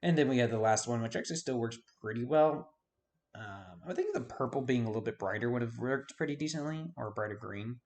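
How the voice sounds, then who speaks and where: A man giving casual video game commentary, rambling and forgetting names with self-deprecating asides. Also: mid-range voice. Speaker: YouTube host.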